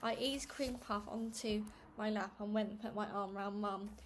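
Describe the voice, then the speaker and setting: A woman reading a children's novel aloud at home, in a steady, plain manner with small stumbles. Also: mid-range voice, moderate pace, a little hiss or hum. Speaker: reader. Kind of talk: read-aloud storybook narration.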